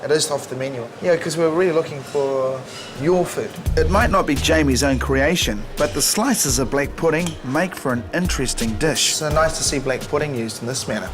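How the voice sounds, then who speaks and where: A man's voice: on the high side, moderate pace. Kiwi male chef host, jokey upbeat food critic, music underneath. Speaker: chef judge and show host. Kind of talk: tasting and scoring commentary.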